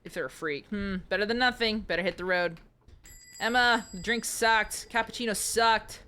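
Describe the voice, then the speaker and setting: A woman's voice: medium pitch, moderate pace, bright, forceful tone. A young woman streaming a horror game, chatting playfully and joking with her viewers. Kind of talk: casual live game commentary.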